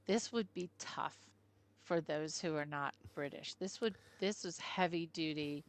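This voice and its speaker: A woman's voice: deep voice, measured pace. A woman co-hosting a film review show in casual, enthusiastic chat.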